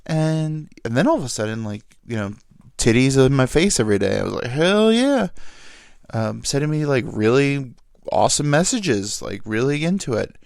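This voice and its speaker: A man's voice: mid-range voice, animated, moderate pace, creaky, a little mellow, no echo, clean studio sound. A young man telling crude, self-deprecating stories alone in a rambling, joking way as a podcast host. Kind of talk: solo comedic storytelling. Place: alone in a small dry room.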